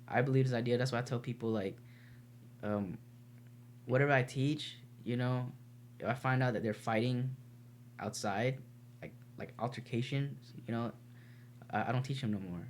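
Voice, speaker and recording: A man's voice: mid-range voice, normal speed, pauses often, a little hiss or hum. A man who teaches martial arts, talking casually on a podcast and telling earnest, rambling stories with frequent swearing. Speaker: podcast co-host.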